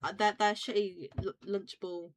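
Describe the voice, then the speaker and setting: A woman's voice: medium pitch, steady tone, normal speed, a little hiss or hum. Rambling young British woman streamer. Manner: rambling, swears freely, frequent restarts and fillers. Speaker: VTuber streamer. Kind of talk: casual chat stream.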